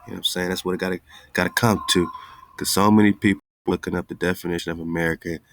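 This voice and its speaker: A man's voice: low voice, fairly even intonation, fast talker, a bit bright, slight background noise. A man hosting an online radio show, talking loosely and straight to his listeners with an exasperated, easygoing manner. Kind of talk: casual live-stream talk.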